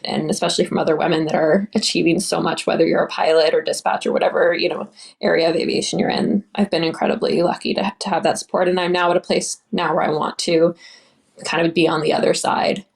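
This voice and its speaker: A woman's voice: lowish voice, level tone, fast talker, vocal fry. A young woman pilot giving an earnest, enthusiastic interview answer, often restarting her sentences. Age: young adult.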